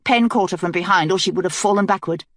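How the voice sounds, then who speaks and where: Low-voiced woman narrating an audiobook. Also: fast talker, dry recording, studio quality.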